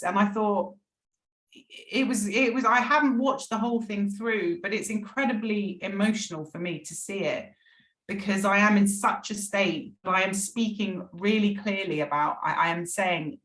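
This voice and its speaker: A middle-aged woman opens up as a podcast guest about her own story. She speaks earnestly and with feeling, often restarting her sentences. Her voice sits at an ordinary pitch, and the room around her sounds echoey. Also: moderate pace, fairly bright tone. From England. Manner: earnest, emotional, frequent restarts. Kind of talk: candid personal recovery story.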